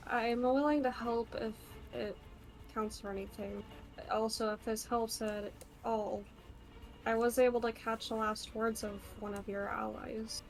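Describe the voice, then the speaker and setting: A woman playing a tabletop role-playing game, speaking hesitantly with pauses and ums. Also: fairly high pitch, flat delivery, soft background music, low-quality recording. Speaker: player.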